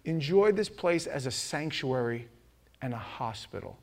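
A middle-aged man preaching a sermon, telling stories with acted-out voices and rising to shouts at the peaks. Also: mid-range voice, unhurried. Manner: animated storytelling, acting out voices, shouting at peaks. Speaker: pastor.

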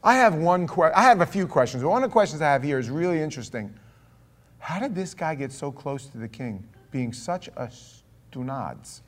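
A man in his fifties preaching a sermon in an animated way, acting out voices and asides. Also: on the high side, normal speed. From Florida. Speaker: pastor.

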